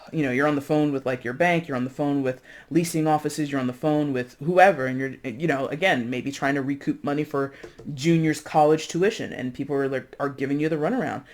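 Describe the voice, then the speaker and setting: A chatty tarot reader talking straight to viewers in a loose, conversational flow. The voice sits at a middling pitch, laughs often and tosses in playful asides and tag questions like "right?". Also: fairly quick. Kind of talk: casual tarot reading monologue.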